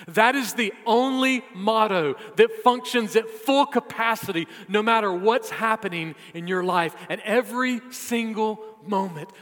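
A man delivering a sermon in a high, unhurried voice that drops from ringing emphasis to near-hushed repetition. His words hang in a long, echoing hall reverb. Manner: emphatic, repetitive, slow deliberate delivery, swinging from loud to hushed. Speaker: preacher.

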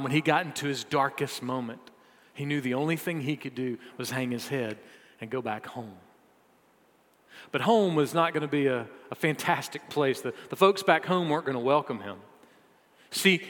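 A man preaching a sermon, telling a story with dramatic swings between loud and hushed delivery. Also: a little high, long reverb tail.

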